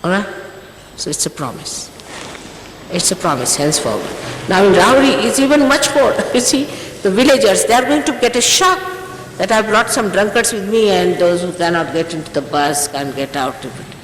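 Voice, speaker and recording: An older spiritual teacher gives her followers an emphatic, scolding talk before a ceremony, often repeating herself in this informal exhortation. Her mid-range voice is animated and moderately paced. The old tape has faint hiss and an echoey hall sound.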